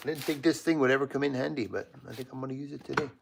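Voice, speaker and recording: Canadian man, live-stream host, easygoing workshop chatter, mid pitch, faint noise behind. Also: steady tone, very fast, creaky. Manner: chatty, greets viewers by name while working. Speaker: livestream host. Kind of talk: casual live-stream chat while working.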